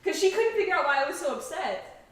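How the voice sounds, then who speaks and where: A woman's voice: extremely high pitch, very animated, fast, a bit bright. A young woman hosting a cooking show, telling stories in casual chat with many fillers. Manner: chatty storyteller, many "like"s and laughs. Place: home kitchen. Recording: echoey kitchen, mic far off.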